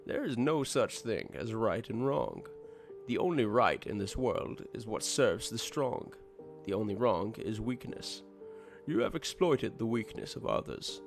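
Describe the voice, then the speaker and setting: A man playing a slow, menacing masked killer. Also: fairly low pitch, gravelly, soft background music, heavily acted. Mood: preaching. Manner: slow, flat and menacing, rising into glee. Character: cold gleeful masked male serial killer.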